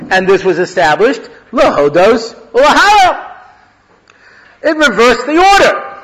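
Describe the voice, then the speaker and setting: A man's voice: extremely high pitch, expressive, unhurried, a bit bright, rough recording. A man, a rabbi, giving a conversational Torah class, mixing Hebrew phrases into his teaching. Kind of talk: lecture-style Torah class.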